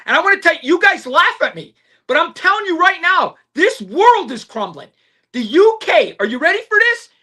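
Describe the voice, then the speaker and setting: A woman with a high, bright, sharply lively voice, ranting on a podcast in a fired-up, profane way. She hammers points home by repeating them, swearing freely and swooping up and down in pitch as she goes. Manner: fired up and profane, emphatic repetition. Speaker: podcast co-host. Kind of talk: heated political rant.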